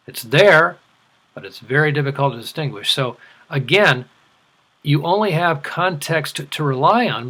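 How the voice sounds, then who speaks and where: A middle-aged man teaching an English lesson, enunciating slowly and deliberately for learners. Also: fairly high pitch, a bit bright. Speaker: ESL teacher. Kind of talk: scripted language lesson.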